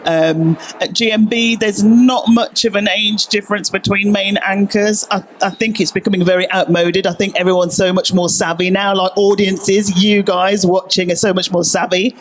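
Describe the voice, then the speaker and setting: A woman's voice: mid-range voice, steady tone, normal speed, hardly any pauses, slight background noise, low-quality recording. A woman TV news presenter speaking confidently and assertively on a conference panel.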